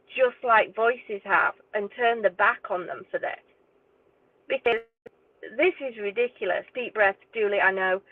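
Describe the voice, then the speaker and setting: Speaking in a mid-range voice, a woman rants to camera as a true crime YouTuber, angry, indignant, and swearing in exasperation. The audio has a tinny, phone-like quality. It is dry, with no room sound.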